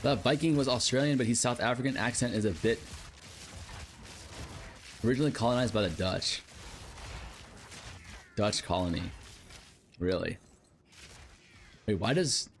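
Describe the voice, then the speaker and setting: A man's voice: mid-range voice, lively intonation, measured pace, pauses often, slight background noise. A male game streamer chatting casually with live viewers, rambling and musing aloud with lots of fillers.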